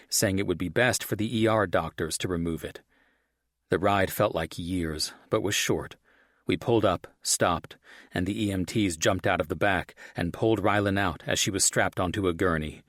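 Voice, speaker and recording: A man's voice: low-pitched, dry recording, clean studio sound. A man reading a first-person romance audiobook in a gritty, intense way. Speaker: audiobook narrator.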